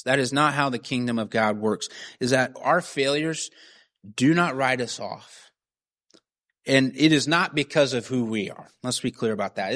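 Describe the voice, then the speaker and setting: A man's voice: medium pitch, a bit bright. A man preaching a sermon in an earnest, conversational way, often checking in with "right?" and "you know". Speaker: pastor.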